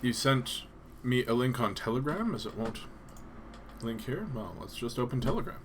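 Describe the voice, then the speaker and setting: A man's voice: mid-range voice, big pitch swings, normal speed, a little hiss or hum. Rambling Canadian-born male streamer. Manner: rambling, hesitant, lots of ums and restarts. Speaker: live streamer. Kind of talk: casual live-stream chat.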